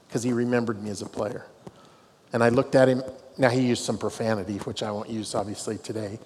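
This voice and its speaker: A middle-aged man, a dean of students, giving a devotional talk to students with storytelling and self-deprecating humor. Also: mid-range voice. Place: large hall on a university campus. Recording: long hall reverb, faint noise.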